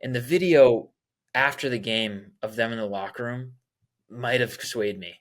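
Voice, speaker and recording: A young man co-hosting a casual sports podcast in an easygoing way. His voice sits at a middle pitch, and he hedges his opinions with a dry, hesitant touch. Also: normal speed. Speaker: podcast co-host.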